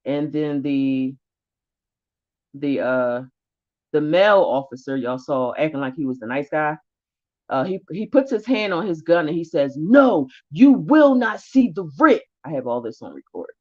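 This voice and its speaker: A woman's voice: a bass voice, expressive, normal speed, a little mellow, highs cut off. A woman vlogger telling a story of her own in blunt, profane, heated casual speech. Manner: profane, blunt, rising anger.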